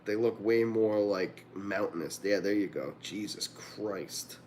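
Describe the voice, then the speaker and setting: A man's voice: lowish voice, a little slow, a little mellow, a little hiss or hum. A man hosting a livestream from a room at home, chatting casually in a rambling, profane way and laughing often. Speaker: livestream host. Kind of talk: casual chat.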